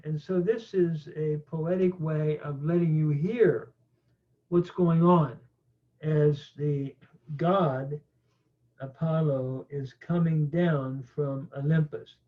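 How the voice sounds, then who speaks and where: A man teaching a slow grammar lecture, pausing often with fillers. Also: a little high. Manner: slow, halting, many "uh" fillers. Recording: tinny phone-like audio.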